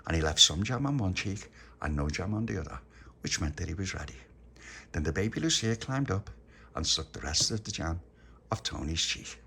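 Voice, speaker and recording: A man's voice: sits low, lively intonation, fairly quick, creaky, bright, forceful tone, a little hiss or hum. A man narrating a children's story in a playful, chatty way. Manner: playful, laughing.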